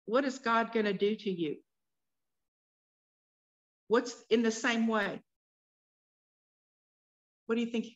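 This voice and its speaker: A woman's voice: fairly high pitch, a bit bright. A woman leading a Bible study workshop, reading scripture aloud and stopping to put questions to the group. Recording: dull lo-fi recording.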